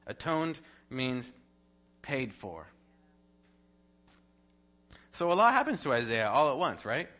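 A man giving a devotional Bible teaching, animated and playful, full of rhetorical questions and jokes. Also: medium pitch, slow, pauses often.

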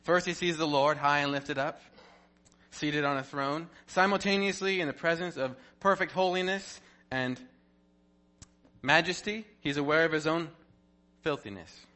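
A man giving a devotional Bible teaching, animated and playful, full of rhetorical questions and jokes. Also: a little high, moderate pace.

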